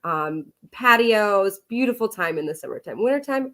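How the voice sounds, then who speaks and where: A woman's voice: mid-range voice, animated, normal speed, a bit bright. A woman from Wisconsin with an Upper Midwest accent, chatting cheerfully as a guest on a video call. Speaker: resort sales manager and podcast co-host. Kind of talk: casual chat as a guest.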